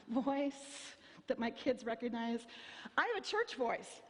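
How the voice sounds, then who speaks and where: A woman pastor in her fifties delivers a sermon with a slightly high voice. She tells stories in a wry, self-mocking way and acts out voices. The sound carries a long reverb from the church hall. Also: slow. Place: church sanctuary.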